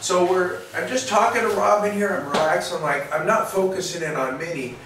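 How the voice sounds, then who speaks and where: A man with a high voice talks fairly quickly. He's a veterinarian in a clinic exam room, explaining and demonstrating in a folksy, rambling way with many restarts. The recording sounds roomy and distant, with faint noise.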